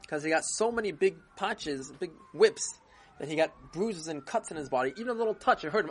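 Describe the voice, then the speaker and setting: Animated children's storyteller, lively pitch. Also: brisk. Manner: animated, lively retelling with many restarts.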